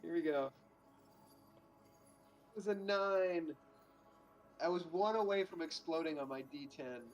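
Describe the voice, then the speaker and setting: A man with a slightly raised pitch, joking his way through an online tabletop game. He hesitates and restarts his sentences, and he sounds like he is sitting at home on a call. Soft music plays faintly behind him. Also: unhurried, lo-fi sound. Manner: playful, hesitant, many restarts. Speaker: player. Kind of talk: casual tabletop role-play.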